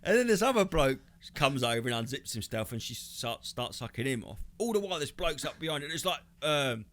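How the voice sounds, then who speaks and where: Man, podcast co-host, bright lively storyteller, swears a lot. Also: medium pitch, fairly quick. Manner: animated, swearing, acts out quoted voices. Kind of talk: casual comedic storytelling.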